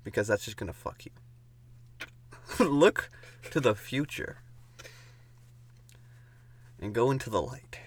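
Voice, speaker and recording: Slow, husky-voiced man telling a silly story. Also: mid-range voice, lively intonation. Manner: giggly, often dropping to a hushed whisper for spooky lines. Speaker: podcast co-host narrating an improvised story. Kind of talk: improvised comedic storytelling.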